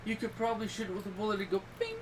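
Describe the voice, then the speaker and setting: A middle-aged man rambles through family stories in casual podcast chat, his voice rising into loud bursts now and then. He sits a little back from the mic, and steady background noise runs under his talk. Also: high-pitched, rapid-fire, distant mic, poor audio. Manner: rambling, animated storytelling with loud outbursts. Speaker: podcast host.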